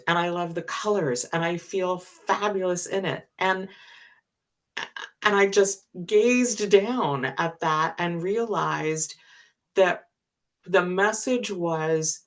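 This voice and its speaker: An older woman in her seventies talks as a spiritual teacher, telling a personal story. Her voice sits low and relaxed. She is candid and chatty and laughs easily. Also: takes it slowly. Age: 70s.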